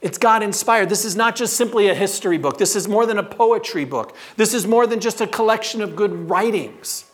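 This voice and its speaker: A man preaching a sermon as pastor, stressing words by slowing down and asking the congregation rhetorical questions. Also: sits high.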